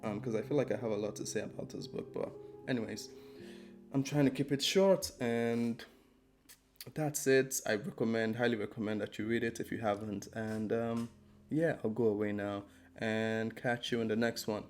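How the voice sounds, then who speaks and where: A man's voice: lowish voice, steady tone, moderate pace, darkish tone, soft background music. A man giving a casual spoken book review, rambling and hesitant with many ums and restarts.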